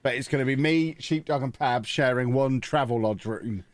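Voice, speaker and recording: A man's voice: mid-range voice, moderate pace, no room sound. A man hosting a casual podcast, teasing his co-hosts with dry, joking remarks. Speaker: podcast host.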